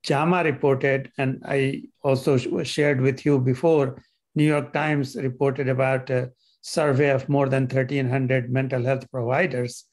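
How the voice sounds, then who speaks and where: A man speaking as a panel guest, hesitant and halting, with many fillers. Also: mid-range voice, little pitch movement, a little mellow. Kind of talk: panel discussion.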